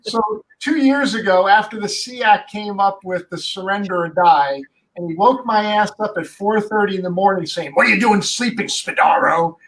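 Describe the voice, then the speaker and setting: High-voiced man telling a story from off-mic. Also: moderate pace, recorded from a distance, poor audio. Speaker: guest. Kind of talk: casual storytelling.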